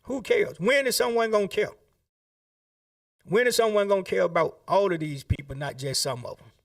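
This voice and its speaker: A man's voice: sits high, normal speed, distant mic. A man making an impassioned public statement, asking pleading rhetorical questions.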